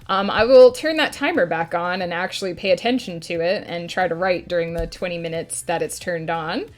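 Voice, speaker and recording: A woman's voice: lowish voice, brisk, a little hiss or hum. A woman streaming a writing session, chatting casually with her audience and answering chat between filler words.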